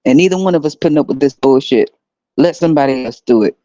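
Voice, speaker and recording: Talking fast in a deep, mellow voice, a thirtysomething podcaster delivers solo, casual commentary. She's blunt, swears, and laughs while ridiculing people. The audio has no echo and comes across dry and a bit dull.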